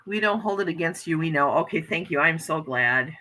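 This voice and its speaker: An American woman in middle age hosts a relaxed livestream, chatting earnestly and reading her viewers' comments aloud. Her voice is very bright and slightly low-pitched. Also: brisk, low-quality recording. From United States. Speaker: livestream host reading chat. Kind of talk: casual chat.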